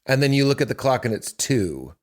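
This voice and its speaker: A man in his forties talks in a casual podcast chat, telling stories with lots of acted-out quotes. His voice sits at a middle pitch. He swings between fast asides and slow, drawn-out stretches. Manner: animated storytelling with acted-out quotes. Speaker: comedian guest.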